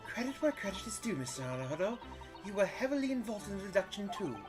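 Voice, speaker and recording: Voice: mid-range voice, sing-song, fast talker, music in the background, pitched above the performer's own voice, lightly acted. A player reading aloud from a mystery game, voicing a polite young female legal assistant who speaks in a courteous, formal way. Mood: encouraging.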